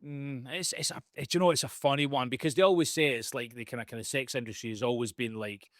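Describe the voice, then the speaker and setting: A relaxed man hosting a podcast, casual and offhand and not afraid to swear. His voice sits at a middle pitch for a man. He is recorded close up, with a dry sound and no room echo. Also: fast. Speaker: podcast host. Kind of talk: casual interview.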